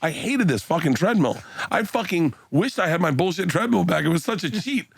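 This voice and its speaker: A man's voice: lively intonation, fairly quick, gravelly, slightly rough, dry recording, clean studio sound. A middle-aged man telling rowdy stories as a podcast guest, swearing often and acting out his friends' lines in a raised voice. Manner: profane storytelling, acts out friends' lines in a high voice. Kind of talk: casual podcast chat.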